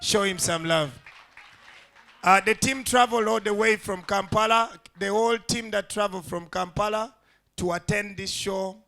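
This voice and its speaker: Bright high-voiced comedian. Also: male voice, moderate pace, vocal fry, faint music behind. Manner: animated, acts out voices in the story. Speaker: stand-up comedian. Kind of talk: stand-up storytelling. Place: live comedy stage.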